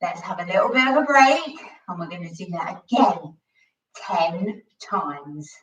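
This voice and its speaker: A woman's voice: fairly low pitch, lively intonation, unhurried, roomy sound, recorded from a distance, muffled recording. A woman coaching a children's home workout, cheerful and encouraging and a bit out of breath from exercising. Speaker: kids' gymnastics coach.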